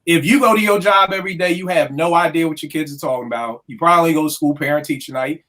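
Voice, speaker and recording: A woman in her forties on a casual podcast, talking in an emphatic, animated, profane way. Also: deep voice, quick pace. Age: 40s.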